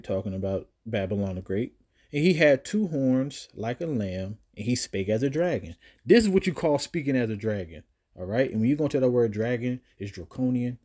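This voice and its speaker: Low-voiced man preaching casually. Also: animated, fairly quick. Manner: emphatic, swinging pitch and loudness; casual slangy delivery. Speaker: scripture teacher. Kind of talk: informal preaching.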